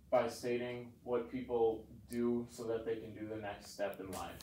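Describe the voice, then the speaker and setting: Young man, class presentation, halting, reads from notes, echoey room, distant mic. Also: medium pitch, fairly even intonation, warm tone, a little hiss or hum. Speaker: student presenter. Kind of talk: class presentation analyzing a speech.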